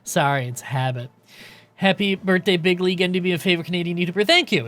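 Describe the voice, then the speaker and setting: Guy streaming a game, loose and sweary, chatty with chat, voice kinda high. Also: big pitch swings, quick pace, sharp tone. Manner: casual, swears, chats with viewers.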